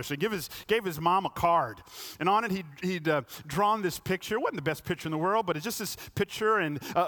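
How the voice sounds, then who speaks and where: A pastor delivers a sermon in a notably high voice for a man. He tells stories and presses his congregation with rhetorical questions. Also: a bit bright.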